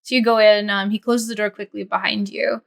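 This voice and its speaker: A woman's voice: mid-range voice, level tone, creaky. A woman narrating as game master of a tabletop game, chatty with many fillers. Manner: chatty, lots of fillers, quick voice switches for characters.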